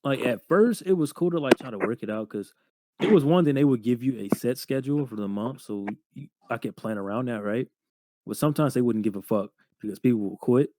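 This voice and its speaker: A young man in his twenties, co-hosting a podcast, telling job stories in a casual, profane, animated way full of slang. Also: medium pitch, a little fast. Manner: slangy, profane, animated retelling with lots of "bro". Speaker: podcast co-host. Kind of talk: casual storytelling chat.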